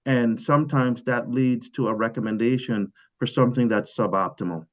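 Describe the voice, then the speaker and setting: A man, a physician, speaking on a panel in a measured, thoughtful way. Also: medium pitch. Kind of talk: panel discussion. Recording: dull lo-fi sound.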